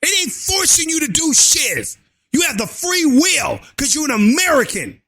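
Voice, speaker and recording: A man vlogging a fiery, crude political rant, often shouting and tacking "and so forth" onto his lines. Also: very high-pitched, big pitch swings, moderate pace. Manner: crude slang and cursing. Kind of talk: ranting political commentary.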